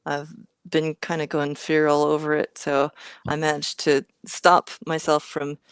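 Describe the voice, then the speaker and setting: A woman with a low, gravelly voice co-hosts a hardware stream in easy, playful chat. She thinks aloud and mutters to herself while she tinkers, tossing in slang. The recording is close and dry. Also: completely flat delivery, measured pace, dry recording. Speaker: co-host of a live hardware build stream. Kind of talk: casual chat.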